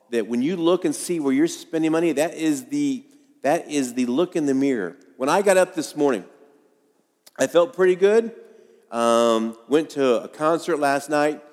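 A man's voice: a little high, moderate pace, darkish tone. Folksy pastor in his fifties, echoing hall. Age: 50s. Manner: conversational, folksy storytelling with self-deprecating humor. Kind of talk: sermon. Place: church sanctuary. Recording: long hall reverb.

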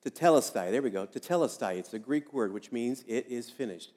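A man's voice: mid-range voice, a little fast, warm tone, big-room sound. A man giving a sermon as a pastor, speaking conversationally and repeating key phrases for emphasis.

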